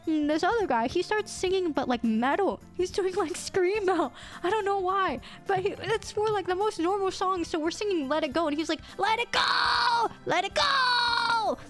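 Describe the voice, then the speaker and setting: Very high-voiced young woman telling stories. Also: normal speed, hardly any pauses, soft background music. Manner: animated, breaks into laughter, casual swearing. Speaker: VTuber streamer. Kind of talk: casual storytelling on stream.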